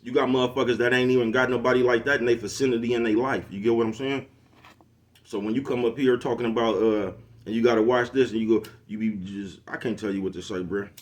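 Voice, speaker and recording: A man's voice: medium pitch, fairly even intonation, fast talker. A middle-aged man, giving a preachy casual monologue to camera and constantly asking if you know what he's talking about. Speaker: social media commentator.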